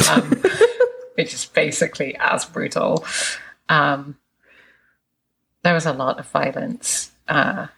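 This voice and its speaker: A woman with a low, deep-set voice talks openly and casually, laughing between thoughts and swearing freely. Her tone carries a gravelly edge and a husky, breathy texture. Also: fairly bright tone. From England. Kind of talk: candid casual chat.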